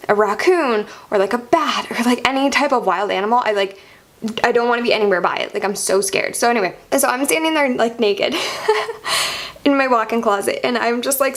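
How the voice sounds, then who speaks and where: A young adult woman vlogger telling a storytime monologue in an animated way, full of "like" fillers. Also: on the high side. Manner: animated, heavy use of "like" fillers.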